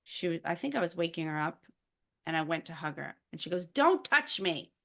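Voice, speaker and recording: A woman co-hosting a casual parenting chat, telling stories in an expressive, amused way. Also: deep voice, quick pace, vocal fry. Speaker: podcast co-host.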